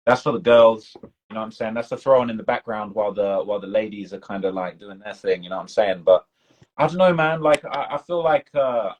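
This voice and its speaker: The audio is poor on this clip of a British documentary channel host from the United Kingdom chatting casually on a live stream. He speaks a little fast in a lowish voice, his slangy talk riddled with fillers and restarts.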